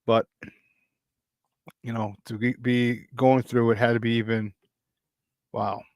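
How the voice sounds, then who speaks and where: Host, male, chatty and excitable, medium pitch, dry close mic. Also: slow pace, vocal fry, no echo. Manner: excitable, rambling, laughs often. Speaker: sports talk show host. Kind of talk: casual sports talk.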